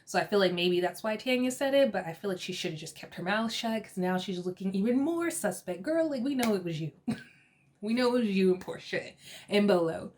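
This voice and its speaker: Woman, mid-pitched, chatty gossip-style recapper, casual and laughing. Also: a little fast, darkish tone. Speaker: reality TV recap host.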